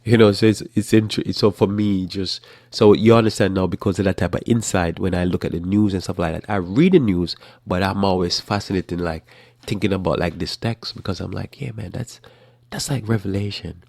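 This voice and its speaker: A man hosting a casual religious talk show about current events, rambling with restarts in a flat, matter-of-fact way. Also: low-pitched, fairly quick, dry recording, clean studio sound. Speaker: host.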